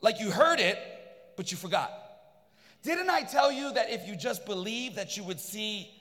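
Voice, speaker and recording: A male preacher voicing a patient teacher who gently scolds his followers, in a sermon retelling. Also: high-pitched, expressive, moderate pace, big-room sound. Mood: chiding.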